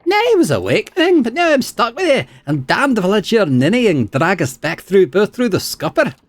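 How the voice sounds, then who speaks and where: A man's voice: high voice, huge pitch swings, moderate pace, no room sound, pitched above the performer's own voice, heavily acted. A man voicing a brash, scornful female spirit possessing someone, in a put-on Scottish accent. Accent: mock Scottish.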